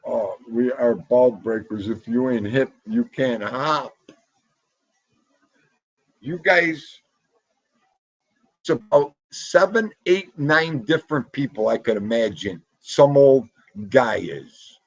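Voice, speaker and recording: A man hosts a casual livestream from home, talking loudly and greeting viewers by name. His voice is husky and unhurried. The sound is dry and a little dull. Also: mid-range voice, no echo. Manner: animated, talks loudly, greets chatters by name. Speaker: livestream host. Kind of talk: casual livestream chat reading comments. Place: home room.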